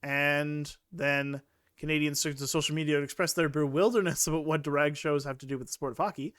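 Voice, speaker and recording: A man's voice: fairly high pitch, steady tone, fairly quick, a bit bright, dry recording. A man with a slightly raised voice reads news items aloud on a casual podcast and then comments on them. He sounds sarcastic and exasperated. The recording is dry and close. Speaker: podcast co-host. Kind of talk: casual opinion chat, reading news aloud.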